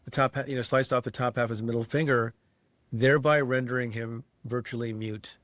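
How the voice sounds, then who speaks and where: A man's voice: mid-range voice, fairly even intonation, brisk, a bit bright, no room sound. Man, interview guest, casual story, rambling restarts, dry close sound. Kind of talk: casual anecdote telling.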